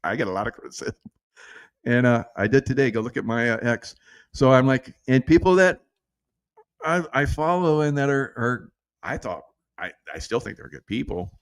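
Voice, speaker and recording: A man's voice: medium pitch, expressive, normal speed, dry recording, studio quality. A man vlogging a rambling political monologue, sarcastic and profane, chuckling as he goes.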